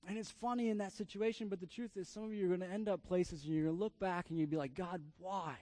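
A man in his thirties, a pastor preaching a sermon through a family story, often repeating words in quick bursts. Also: sits high, warm tone, no room sound.

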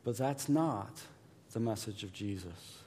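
A man preaching a sermon as pastor, emphatic and repetitive, dropping to a hush and then rising loud. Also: on the low side, expressive, unhurried, slight background noise. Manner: emphatic, repeats words, swings from hushed to loud.

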